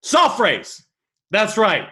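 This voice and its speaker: A man teaching negotiation by walking through message examples, animated and thinking aloud with quick restarts. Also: high-pitched. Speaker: negotiation coach.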